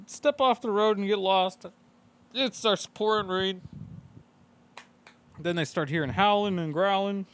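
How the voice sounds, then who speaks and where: A man's voice: fairly high pitch, clean tone. A man co-hosting a podcast, casually recapping a movie and swearing a lot while acting out characters' lines. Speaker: podcast co-host.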